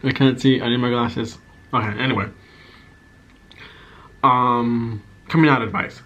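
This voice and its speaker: A man's voice: mid-range voice, fairly even intonation, a little slow, a bit bright, dull audio. A man chatting casually while eating in his apartment, candid and loose, trailing off between bites. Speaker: ASMR and vlog creator. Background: faint outside noise of passing cars.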